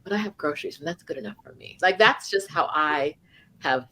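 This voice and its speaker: A woman co-hosting a casual chat, telling animated stories peppered with "like" and "right?". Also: low-pitched, fairly quick. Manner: animated storytelling with lots of "like" and "right?". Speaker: co-host. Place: home in Mexico City.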